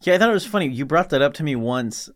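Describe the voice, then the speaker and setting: A man's voice: fairly high pitch, lively intonation, fast talker. A man in a casual podcast chat, laid-back and agreeable, with dry asides.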